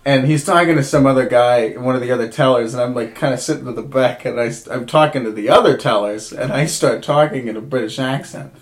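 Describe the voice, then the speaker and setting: A man's voice: mid-range voice, fairly quick, hardly any pauses, a little hiss or hum. A man in his twenties chatting casually as a podcast co-host, telling stories with lots of laughter and swearing. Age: 20s. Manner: animated storyteller, laughs often, swears freely. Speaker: bank teller. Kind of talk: casual chat.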